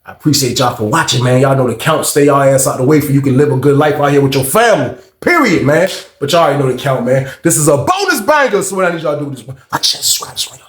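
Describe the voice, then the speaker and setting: A man's voice: medium pitch, quick pace, hardly any pauses. A man telling a story in a casual, slangy and profane way, acting out the people in it. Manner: slangy, profane, animated quoting. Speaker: storytime vlogger. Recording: roomy echo.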